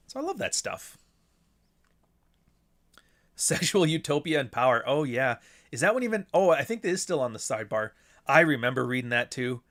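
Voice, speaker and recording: A man's voice: on the high side, very animated, a little fast, fairly bright tone. A man hosting a podcast alone, rambling casually and swearing, with mocking asides. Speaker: podcast host. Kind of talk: casual solo monologue.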